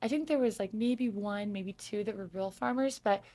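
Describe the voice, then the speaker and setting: A woman's voice: mid-range voice, mellow. Chatty, effusive woman from Arizona. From Sedona, Arizona. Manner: chatty and effusive, quick laughs, lots of "like". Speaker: podcast guest. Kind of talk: casual interview chat.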